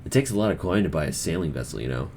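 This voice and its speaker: A man voicing a sardonic woman harbor master in a fantasy game, speaking in a dry, grumbling, unhurried way. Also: rumbling low, expressive, darkish tone, a little hiss or hum.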